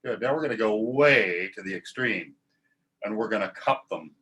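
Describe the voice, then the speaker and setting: Calm man leading a choir warm-up. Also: lowish voice, moderate pace. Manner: calm, instructive, demonstrating sung vowels. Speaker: choir teacher. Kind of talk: guided vocal warm-up lesson.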